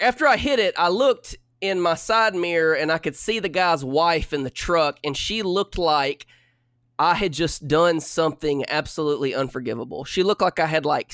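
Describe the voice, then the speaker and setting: Young male storyteller, exasperated and lively, slightly high, close dry mic. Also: no echo. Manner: animated, exasperated retelling. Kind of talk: casual storytelling.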